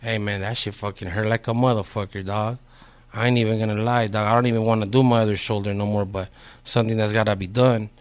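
A man's voice: lowish voice, little pitch movement, fast talker. Laid-back slangy SoCal guy telling a story. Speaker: podcast guest. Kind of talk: casual storytelling.

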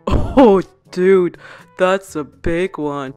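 A woman's voice: fairly low pitch, extremely slow, warm tone, clean tone, soft background music, pitched below the performer's own voice. Woman doing a teasing teenage boy. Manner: teasing, laid-back. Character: teenage boy doll, teasing big brother.

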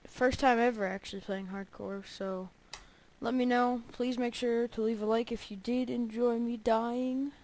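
A woman's voice: a little high, steady tone, normal speed, few pauses, darkish tone, low-quality recording. A woman giving casual gameplay commentary, chatty and prone to bursts of panicked repeated cries. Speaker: let's play gamer.

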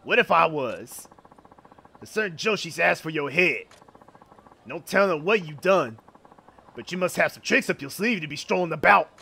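A man voicing a gruff male samurai thug in a drawling, menacing way as he reads game subtitles aloud. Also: on the high side, expressive, normal speed, long pauses, pushed and bright, heavily acted.

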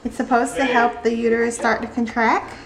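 A young pregnant woman chatting in a relaxed home vlog, laughing often and letting her words trail off softly. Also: fairly high pitch, brisk, a crowd in the background. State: pregnant, awaiting labor. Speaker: vlogger. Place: home, indoors.

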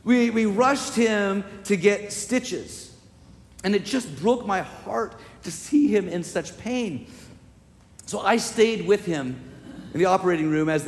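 Slow, high-voiced pastor in a reverberant church. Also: male voice, a little hiss or hum. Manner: slow, emotional storytelling with swelling emphatic repetition. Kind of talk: sermon. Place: church sanctuary. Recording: long reverb of a church sanctuary.

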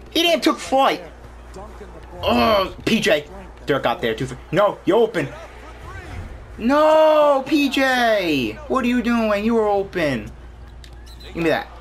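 A young man commentating his own basketball gameplay, excitable, complaining and yelling at the game. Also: high voice. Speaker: gaming YouTuber.

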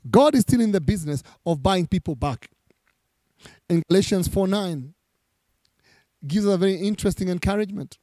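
A male pastor preaching a sermon, his voice pitched high but mellow in tone. He reads scripture passages and goes back over key lines for emphasis, in a dry, close recording. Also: lively intonation, moderate pace, long pauses, dry recording.

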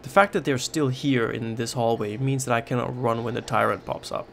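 This man, a YouTuber who plays games, panics through a horror title, cursing constantly and saying the same things over when he gets frightened. He has a mid-range, creaky voice, talks a little fast with few pauses, and there is slight background noise.

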